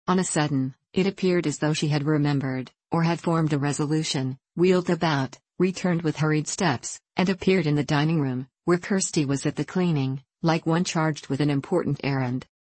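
Low, husky woman narrating a classic novel. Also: no echo. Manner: measured, even storytelling. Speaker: audiobook narrator.

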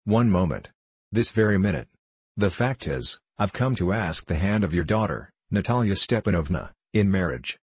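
A man plays an anxious suitor in his thirties who keeps fretting and tripping over his words. His voice is very deep and husky. It is a dry, close audiobook play reading. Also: expressive, moderate pace, dry recording. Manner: fretful, flustered, stumbling over words. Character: nervous 35-year-old male suitor, anxious and hypochondriac.

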